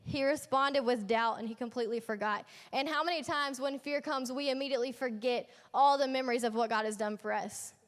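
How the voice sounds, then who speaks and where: A woman's voice: a little high, a bit bright. A young woman leading a youth ministry, preaching a casual sermon in a chatty, slangy storytelling way with playful asides. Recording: echoey hall.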